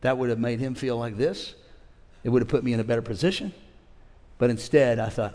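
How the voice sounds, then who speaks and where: Animated preacher man in a large hall. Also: mid-range voice, brisk, pauses often. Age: 50s. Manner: animated preacher, shifts from shouting to quiet storytelling. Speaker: pastor. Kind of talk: sermon. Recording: long reverb of a large hall.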